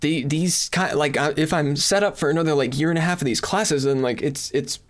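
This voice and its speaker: On a podcast, a young adult co-host with a fairly high, brisk voice vents his frustration. He complains casually with plenty of swearing, sometimes sounding far from the microphone.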